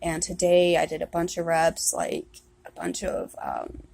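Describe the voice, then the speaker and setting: A young woman talking candidly in a personal confessional vlog, halting and restarting, swearing often. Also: on the low side, sing-song, vocal fry, a little mellow.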